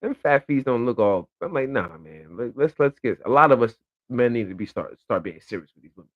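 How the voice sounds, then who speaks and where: A man's voice: medium pitch, brisk. Blunt, profane man ranting casually. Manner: profane, blunt, animated storytelling. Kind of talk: casual opinion monologue. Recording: slightly dull lo-fi audio.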